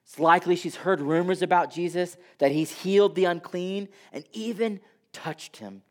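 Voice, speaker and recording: A man preaching a sermon who swings from loud, emphatic passages down to soft near-whispers. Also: sits high, moderate pace.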